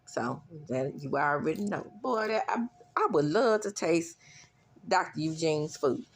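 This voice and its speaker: A woman hosting a casual reality TV recap, chatty and animated, with laughing asides. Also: sits low, measured pace, slightly rough.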